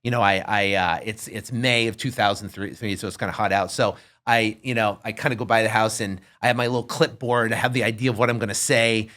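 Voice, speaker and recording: A man's voice: on the low side, fairly quick, few pauses. A man in his fifties, a podcast guest, telling a story in casual chat and acting out the voices of the people in it. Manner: animated, acts out voices in his stories.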